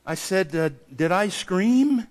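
A man's voice: high-pitched, slow. Man preaching in a reverberant church. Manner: animated storytelling, acting out dialogue. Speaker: pastor. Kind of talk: sermon storytelling. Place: church sanctuary. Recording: long hall reverb.

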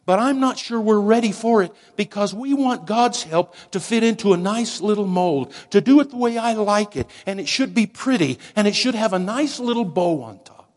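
A man preaching a sermon slowly and dramatically, dropping at times to a hushed near-whisper for emphasis. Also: high voice, expressive. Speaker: pastor.

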